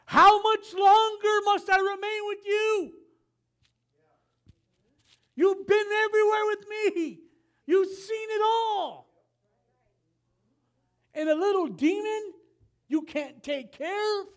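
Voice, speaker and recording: A man preaching briefly voices Jesus as exasperated with faithless disciples, with a raised, drawn-out delivery. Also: very high-pitched, fairly bright tone, voice pushed up, full character voice.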